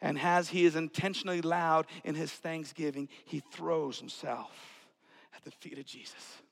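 A man preaching a sermon, swinging from hushed whispers to loud outbursts. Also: on the high side, fairly even intonation, normal speed, gravelly. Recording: long hall reverb.

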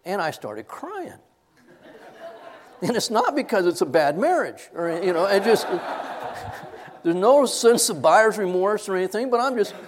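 In a classroom sermon on a Bible passage, an older man speaks to students in a high voice, a little slowly and with long pauses. He grows animated, laughing and getting choked up over his stories, while faint background noise lingers.

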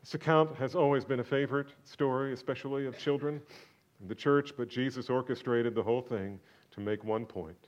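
A man preaching a sermon, swinging from loud, exclaiming questions to hushed, almost whispered lines. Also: medium pitch, fairly even intonation, a little fast, lo-fi sound. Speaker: pastor.

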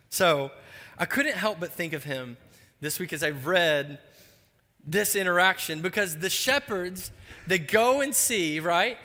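A male pastor preaching in a church, with a bright, forceful, slightly high voice. He moves between lively storytelling and low, quiet emphasis. The sound carries a long reverb from a large hall. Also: a little slow. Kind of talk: sermon.

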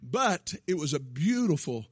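A man preaching a sermon in a church, shouting his points, then dropping to quiet asides. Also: a little high, big pitch swings, unhurried, husky, dry recording, studio quality. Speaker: pastor. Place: church sanctuary.

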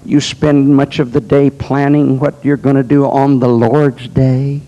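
An older man, a pastor, preaching a sermon that swings from plain storytelling to loud, shouted exhortation. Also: medium pitch, flat delivery, measured pace, muffled recording. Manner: builds from conversational to shouting exhortation. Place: church.

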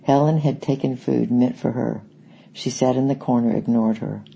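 A man reading an audiobook in a steady, reflective way. His voice is dark and gravelly, and it stays even in pitch. It has a husky, breathy grain. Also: moderate pace, low-quality recording. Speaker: audiobook narrator. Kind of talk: scripted narration.

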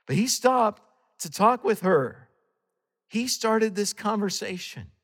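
A man's voice: sits high, slow. Canadian man preaching in a reverberant hall. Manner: storytelling, animated swings between loud and hushed. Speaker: guest preacher. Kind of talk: sermon.

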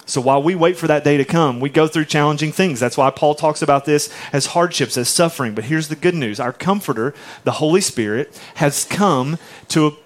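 A pastor delivers his sermon in a casual, emphatic style. His voice sits a little higher than most men's, and he keeps turning to the congregation with quick asides. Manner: conversational, emphatic, asks the congregation "right?". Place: church.

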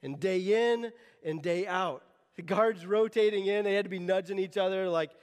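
Stammering high-voiced male pastor preaching. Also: normal speed, clear, resonant tone, long reverb tail. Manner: earnest, animated, frequent stammered restarts. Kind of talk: sermon.

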